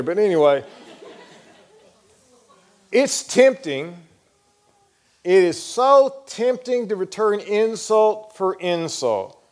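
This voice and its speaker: A man's voice: sits high, darkish tone. A male pastor preaching a sermon, earnest and questioning, telling stories to make his point.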